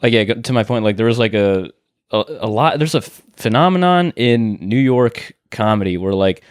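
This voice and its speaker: Rambling laid-back male host, low voice. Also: expressive, normal speed, clear, resonant tone, no echo, clean studio sound. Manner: loose, rambling, laughs often. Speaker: podcast host. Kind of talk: casual podcast chat.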